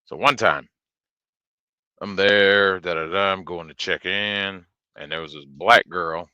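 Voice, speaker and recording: A man's voice: low-pitched, measured pace, pushed and bright, clear, resonant tone, no room sound, muffled recording. A man streaming, telling rambling stories with lots of swearing and fillers. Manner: profane, rambling, with many fillers. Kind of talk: casual storytelling chat.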